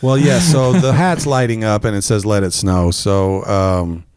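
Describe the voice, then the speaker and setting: A man's voice: lowish voice, lively intonation, a little slow, a little mellow, a little hiss or hum. A man hosting a comedy podcast, telling stories in casual chat with frequent laughs and restarts. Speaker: podcast host.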